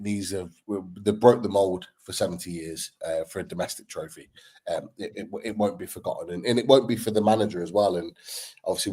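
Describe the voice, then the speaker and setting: A man in casual football chat, relaxed, trailing off with ums as he talks. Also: low-pitched, husky.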